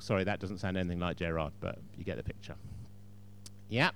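A man's voice: low voice, a little fast, vocal fry, pauses often, a bit bright, slight background noise. A man preaching a sermon in a chatty storytelling way, with frequent asides to the congregation.

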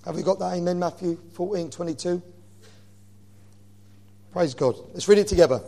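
A man's voice: high-pitched, normal speed, creaky, mellow. A man preaching a sermon as a visiting preacher, praying fervently with repeated "Lord, my God" and reading scripture aloud with rising energy. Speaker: guest preacher.

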